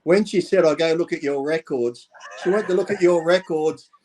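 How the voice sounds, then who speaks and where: A man's voice: on the high side, normal speed, darkish tone, slight background noise. A man co-hosting a podcast, chatting casually in a blunt, joking way and swearing. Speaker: podcast co-host. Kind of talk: casual chat.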